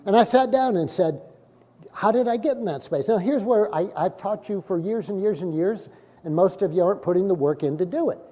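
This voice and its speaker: A middle-aged male pastor preaching a sermon, telling stories and acting out the dialogue, with sudden loud bursts. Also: sits high, a little fast. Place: church sanctuary. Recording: long hall reverb from a church.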